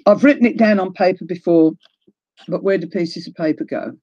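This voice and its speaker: Chatty older New Zealand woman, mellow voice. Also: lowish voice, moderate pace, no room sound, muffled recording. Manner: chatty, greets viewers by name, laughs often. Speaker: craft livestream host. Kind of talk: casual livestream chat.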